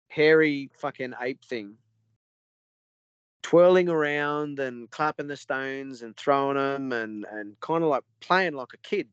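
An Australian man, a podcast guest, telling a story in a rambling, animated way with lots of swearing. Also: mid-range voice, clear, resonant tone, no room sound, highs cut off. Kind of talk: casual storytelling.

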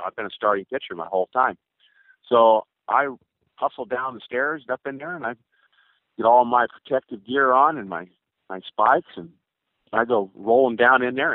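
A man in his sixties, a former baseball pitcher, telling long rambling stories in an interview and acting out old conversations. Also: no echo. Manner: rambling, with many fillers and acted quotes. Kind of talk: storytelling interview answers. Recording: tinny phone-line sound.

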